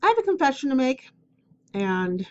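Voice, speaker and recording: A woman's voice: high voice, sing-song, normal speed, darkish tone, muffled recording, slight background noise. A woman hosting her own spiritual advice podcast, talking candidly and rambling with fillers, with a cough drop in her mouth. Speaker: podcast host. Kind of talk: casual solo podcast talk.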